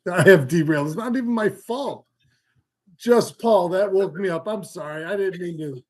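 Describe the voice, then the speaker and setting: Male livestream host, chatty and easily sidetracked, cracks jokes, slightly higher voice, casual fishing talk from home. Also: a little slow, long pauses, a little mellow. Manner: rambling, joking, easily sidetracked. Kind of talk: casual live-stream chat. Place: home, indoors.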